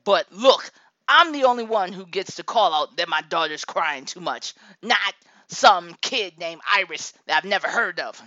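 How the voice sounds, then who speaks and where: Animated, bright-voiced storytelling mom. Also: female voice, lowish voice, moderate pace, no echo, muffled recording. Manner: animated, laughs often, exasperated outbursts. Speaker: mother telling a story. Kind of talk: comic storytelling monologue.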